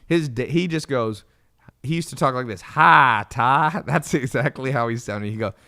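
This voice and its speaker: A man hosting a podcast, telling stories in a blunt, animated way, swearing and laughing often. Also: medium pitch, brisk. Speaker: podcast host. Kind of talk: casual motivational chat.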